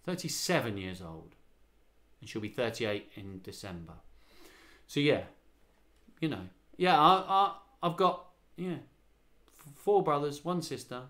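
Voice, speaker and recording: A man's voice: mid-range voice, animated, a little slow, long pauses, a bit bright. A man in his forties leading a livestreamed children's singing rehearsal, singing lines and counting the children in with chatty encouragement. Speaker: children's choir leader. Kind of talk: live online singing rehearsal. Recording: home livestream with guitar. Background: acoustic guitar he plays.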